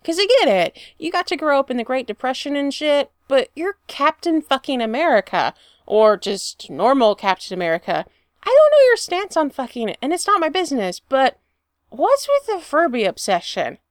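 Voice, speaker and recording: A woman's voice: high-pitched, sing-song, moderate pace, no echo, studio quality, pitched above the performer's own voice. A woman reading the lines of a brash, sarcastic male genius who teases and swears as he rambles. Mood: teasing. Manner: teasing, rambling, swears freely.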